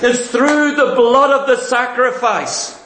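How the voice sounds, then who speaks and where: A man with a Northern English accent preaching a sermon, fervent and quick, firing rhetorical questions at his listeners. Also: very high voice, bright, forceful tone, echoey room.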